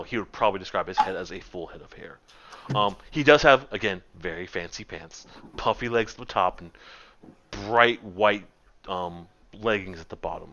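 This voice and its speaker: A man's voice: on the low side, pushed and bright, slight background noise. Rambling male game master, dull audio. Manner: rambling, many ums and restarts. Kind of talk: narrating a tabletop game.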